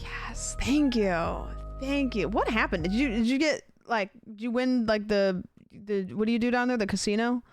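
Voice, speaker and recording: A woman's voice: a little high, normal speed, soft background music. A young adult woman livestreaming from her desk, rambling chattily and thanking donors between stories. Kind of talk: casual stream chat.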